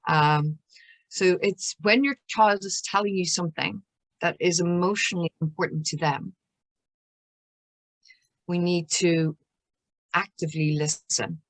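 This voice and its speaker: A woman's voice: lowish voice, a bit bright, no room sound. An Irish woman counsellor explaining child emotions in an interview, acting out little scenes as she goes. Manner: explanatory, acts out little scenes with soothing voices.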